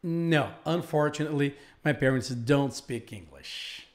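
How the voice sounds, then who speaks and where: A man's voice: medium pitch, unhurried, natural voice. A man voicing a polite young Brazilian exchange student who gives earnest answers.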